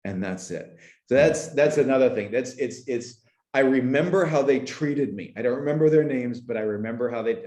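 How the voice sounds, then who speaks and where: Man in his forties, from canada, halting speech with many restarts, emotional, echoey room. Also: on the low side, a little mellow. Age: 40s. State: choked up. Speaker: podcast guest. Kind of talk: reflective conversational interview.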